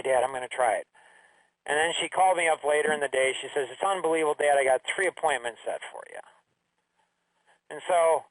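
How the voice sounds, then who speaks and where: A man's voice: fairly high pitch, fairly bright tone, dry recording, far from the mic, low-quality recording. A middle-aged man hosting a radio talk show, telling a story casually and acting out the family dialogue he quotes.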